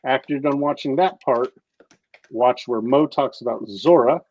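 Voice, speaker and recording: A man hosting a casual crypto livestream, excitable and swearing freely as he talks to viewers. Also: medium pitch, normal speed, muffled recording. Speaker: livestream host.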